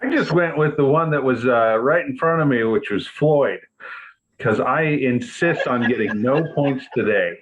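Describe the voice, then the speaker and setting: A man playing a trivia game over a call, making wry deadpan jokes. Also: mid-range voice, measured pace, muffled recording. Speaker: quiz contestant. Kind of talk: casual chat on video call.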